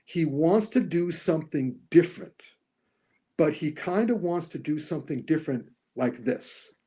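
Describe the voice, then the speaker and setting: A man talking casually as a podcast guest about films, animated, often acting out lines he quotes. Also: fairly high pitch, moderate pace, husky. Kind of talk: casual podcast movie discussion.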